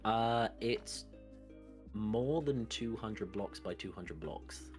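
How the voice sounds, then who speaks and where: A man chatting casually on a gaming stream, playful and quick to laugh and sing. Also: lowish voice, lively intonation, music in the background. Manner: playful, breaks into sung bits and laughter. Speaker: stream guest.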